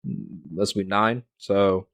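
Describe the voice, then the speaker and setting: A man's voice: on the low side, flat delivery, takes it slowly, a bit bright, no room sound, clean studio sound. A young man hosting a casual sports podcast, rambling with lots of fillers and restarts. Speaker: podcast host.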